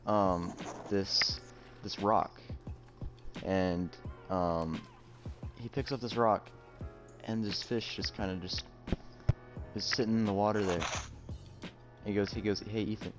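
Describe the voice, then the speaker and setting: A teenage boy hosting a casual podcast, telling stories in a rambling, halting way with lots of fillers. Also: fairly low pitch, fairly even intonation, music in the background. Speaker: podcast host. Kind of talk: casual chat.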